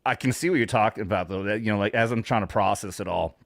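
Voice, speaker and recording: A middle-aged man, a veteran co-hosting a podcast, talking in casual chat that is blunt and profane and that swings up in pitch when he gets worked up. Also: fast, creaky, no echo, clean studio sound. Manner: blunt, profane, animated storytelling with laughs.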